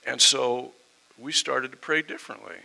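A middle-aged man preaching a sermon as a pastor, impassioned, moving between loud emphasis and hushed tones. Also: mid-range voice, normal speed, creaky, husky, rough recording.

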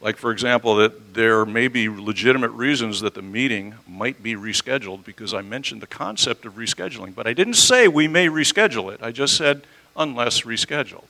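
Preaching an expository sermon from a church sanctuary, a pastor speaks conversationally and asks his listeners questions. His medium-pitched voice is brisk, creaky, pushed and bright, with few pauses. The recording is low quality.

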